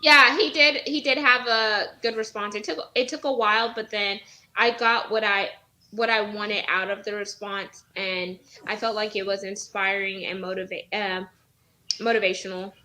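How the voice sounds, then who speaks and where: A woman's voice: medium pitch, steady tone, normal speed, bright, forceful tone, poor audio. A woman, a podcast guest chatting on a video call, telling a story animatedly with many fillers. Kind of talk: casual chat.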